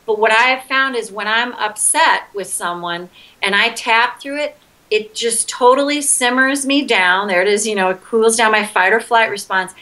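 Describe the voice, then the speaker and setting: A woman's voice: on the high side, normal speed, pushed and bright, poor audio. A middle-aged woman as an interview guest, talking earnestly and candidly and acting out her own outbursts. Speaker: interview guest, EFT practitioner.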